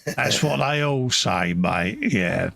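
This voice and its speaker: Rich: A jokey London man hosting a live stream, with a gravelly voice that has a bright, forceful edge. He reads out chat messages and calls everyone "mate" in easy banter. The sound is close and dry. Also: medium pitch, expressive, slow, dry recording. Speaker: livestream host reading chat.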